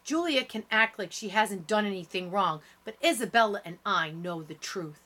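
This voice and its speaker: A woman reading a first-person audiobook in steady, lower-key narration. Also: normal speed, few pauses.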